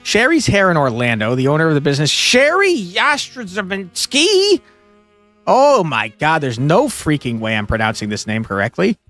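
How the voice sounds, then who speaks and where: A man playing a detective puzzle game and talking through it, excitable, swinging between muttering and yelling. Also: mid-range voice, fairly quick, hardly any pauses, faint music behind. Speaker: gaming streamer. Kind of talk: let's play commentary.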